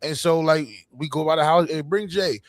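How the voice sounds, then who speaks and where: A man's voice: fairly high pitch, moderate pace, no room sound. A man in his forties, a podcast host telling a family story in a loose, slangy way, laughing often. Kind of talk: casual storytelling chat.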